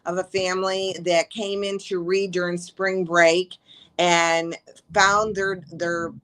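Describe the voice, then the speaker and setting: A woman's voice: lowish voice, level tone, slow, fairly bright tone. A woman from the shelter staff sharing an adoption story with heartfelt emotion in a casual interview.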